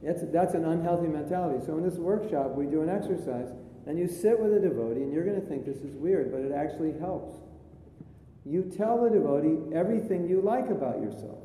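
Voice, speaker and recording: A man as spiritual teacher giving a chatty sermon with jokes, in a live recording from an echoey hall with a faint rumble. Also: a little fast, dark tone. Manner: chatty storytelling, jokey asides.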